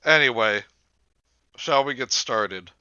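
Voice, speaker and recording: A man chats playfully and teases the others. His bright voice comes through a dull, lo-fi mic with a dry sound. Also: mid-range voice, takes it slowly, clear, resonant tone, no echo. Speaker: podcast co-host. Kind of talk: casual group chat.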